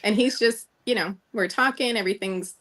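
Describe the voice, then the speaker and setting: A woman's voice: mid-range voice, fairly quick, a crowd in the background. A woman, a guest in a casual chat, telling a story animatedly and acting out the dialogue.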